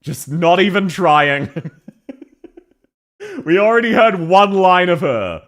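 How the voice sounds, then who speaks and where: Australian man streamer reacting to clips; blunt and laughing, with a lively, swinging voice. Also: on the high side. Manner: blunt, laughing, quick asides. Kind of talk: reaction commentary.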